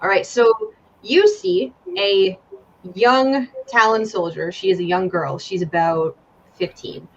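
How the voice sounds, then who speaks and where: A woman's voice: mid-range voice, animated, slow pace. Woman running a tabletop game, lo-fi. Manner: casual, swears, draws out descriptions. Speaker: game master. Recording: dull lo-fi audio with faint ambient noise.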